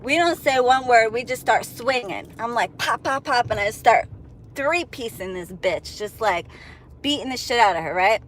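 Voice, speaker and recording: A woman vlogger telling a profane, animated story from inside her car while driving. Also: a little high, moderate pace, slight background noise, poor audio. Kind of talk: storytime vlog.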